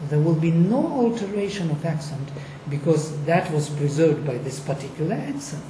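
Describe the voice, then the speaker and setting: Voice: mid-range voice, sing-song, normal speed, hardly any pauses, dark tone. A speaker explaining ancient recitation on a discussion panel, emphatic and fond of rhetorical questions. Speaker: lecturer on Vedic recitation. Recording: echoey room, faint noise.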